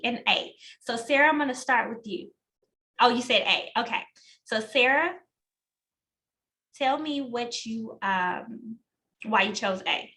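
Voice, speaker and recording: A woman's voice: fairly high pitch, bright, forceful tone, rough recording. A woman leading an online test-prep class over a video call, calling on students by name and walking through answers. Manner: encouraging, calls on students by name. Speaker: instructor.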